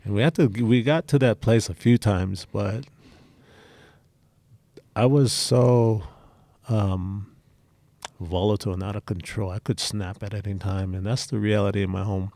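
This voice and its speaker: A man's voice: on the low side, steady tone, measured pace, creaky, long pauses, warm tone, dry recording. A middle-aged man telling personal stories in a casual interview, candid and blunt. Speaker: interview guest.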